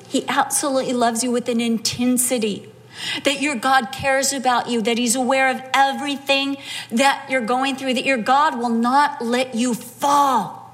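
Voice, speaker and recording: A middle-aged woman delivers a sermon in a high voice. She tells her stories vividly and acts out what people said along the way. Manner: storytelling with animated acted-out quotes. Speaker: preacher.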